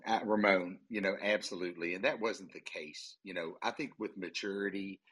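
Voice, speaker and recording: A man speaking as an investor guest in a casual panel, relaxed and anecdotal. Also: low-pitched, moderate pace.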